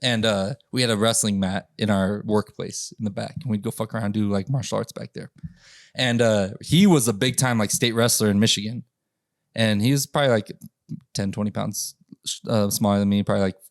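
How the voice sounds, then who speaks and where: A man's voice: on the low side, brisk, gravelly, no room sound, clean studio sound. A man hosting a podcast, telling rowdy stories in a casual, profane way and laughing often, with voices for the people in them. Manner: profane, laughing, animated retelling with quoted voices. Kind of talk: casual chat, storytelling.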